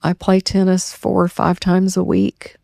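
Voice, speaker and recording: An older woman, a guest in a candid therapy conversation, speaking in an earnest, halting way and repeating her words. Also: on the low side, monotone, vocal fry, dark tone, no room sound, studio quality. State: tearing up.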